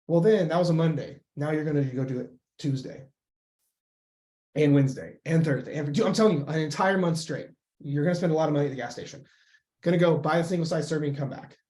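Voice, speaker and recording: A man coaching on weight loss in a casual, blunt and profane way, with lively acted-out inner voices. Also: on the high side, fast talker.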